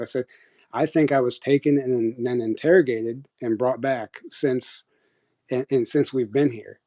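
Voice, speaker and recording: A young man with a mid-range, dark-toned voice rambles through a personal story on a live audio chat. He keeps restarting and quotes dialogue throughout, all in a casual manner.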